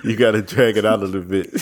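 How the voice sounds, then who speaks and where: A man co-hosting a casual podcast remotely, relaxed and profane, laughing a lot between stories. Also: fairly low pitch, fast. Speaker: podcast co-host. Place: own setup, recording separately from co-host.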